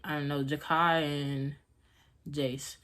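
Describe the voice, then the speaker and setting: A woman's voice: low-pitched, flat delivery, slow pace, a bit bright. A young woman vlogging at home, telling a casual story in a rambling, slangy way with laughs.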